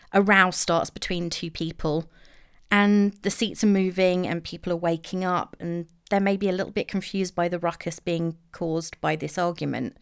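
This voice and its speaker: A woman's voice: lowish voice, clean tone, no room sound, studio quality. A woman telling a story in a chatty, self-deprecating way, full of asides, as host of her own show. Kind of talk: casual solo storytelling.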